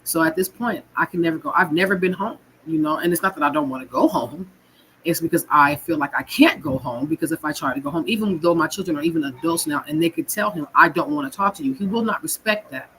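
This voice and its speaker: Animated and fast-talking, a woman with a deep, somewhat bright voice shares her personal story as a guest. She's from California and speaks in a raw, frank, emotional way, with swearing and repetition. The audio is poor, with slight background noise.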